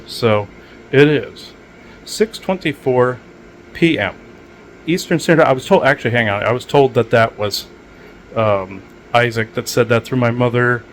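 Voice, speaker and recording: A man's voice: mid-range voice, a little hiss or hum, low-quality recording. A man hosting his own show, talking alone at home in a loose, meandering way full of restarts and asides. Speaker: podcast host. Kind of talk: rambling solo monologue.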